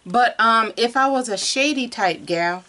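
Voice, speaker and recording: A woman's voice: a little high, animated, measured pace, pushed and bright. A woman, co-hosting a casual chat about toy collecting, talking in a candid, self-deprecating way.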